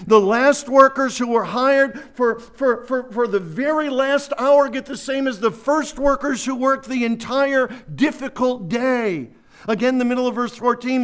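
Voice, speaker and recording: A man preaching a sermon, teaching verse by verse through a Bible passage with animated explanation. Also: extremely high pitch, measured pace, smooth.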